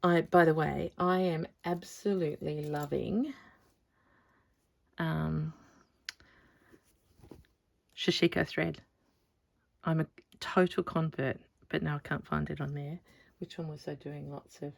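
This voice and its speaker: A woman's voice: deep voice, fairly even intonation, takes it slowly, creaky, long pauses. A woman chatting casually in a crafting vlog, thinking aloud as she works on her stitching. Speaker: textile artist showing her stitching.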